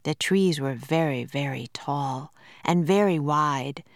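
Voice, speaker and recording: A woman narrating a children's storybook in a slow, measured and clear manner. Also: deep voice, dry recording, clean studio sound.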